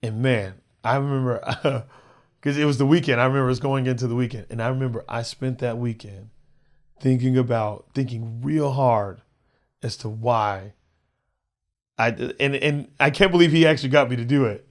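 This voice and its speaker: A man, a comedian and podcast guest, telling a personal story in a halting way, repeating words and acting out the other voices. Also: medium pitch. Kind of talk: casual storytelling.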